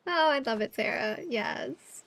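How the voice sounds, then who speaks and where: Giggly high-voiced woman streamer. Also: expressive, measured pace, gravelly, a bit bright. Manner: giggly, playful. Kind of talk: casual gameplay chat.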